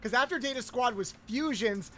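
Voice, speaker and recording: A young man streaming a video game, chatting casually with viewers, loud and animated with swearing. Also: very high-pitched, moderate pace, soft background music. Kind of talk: casual gameplay livestream chat.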